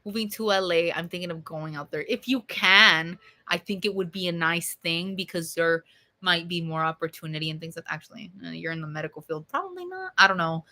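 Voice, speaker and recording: A young woman streaming and chatting with viewers in a loose, rambling way, full of swearing and fillers, her voice a bit hoarse from being sick. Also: fairly low pitch, expressive, a little fast, sharp tone. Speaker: streamer answering chat. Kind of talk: casual rambling chat.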